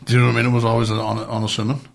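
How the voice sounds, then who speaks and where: A man's voice: mid-range voice, completely flat delivery, racing, creaky, a little hiss or hum. A man co-hosting a podcast, telling rambling, sweary stories in casual chat. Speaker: podcast co-host.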